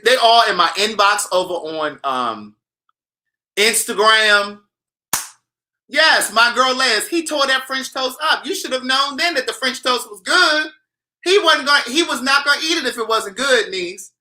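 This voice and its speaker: A man hosting a casual vlog, talking to camera in an animated, sassy, teasing way. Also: very high voice, moderate pace. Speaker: vlogger host.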